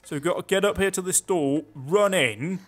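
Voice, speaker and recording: A high-pitched man speaks at normal speed while playing a video game, offering casual let's play commentary. He mostly talks to himself, chatty and sarcastic as he goes.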